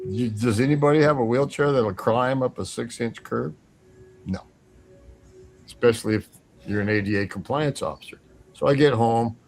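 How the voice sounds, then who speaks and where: A man's voice: on the low side, slight background noise. A man telling a long story on a talk show, acting out the voices of the people he quotes. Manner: animated, acts out quoted voices. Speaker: guest.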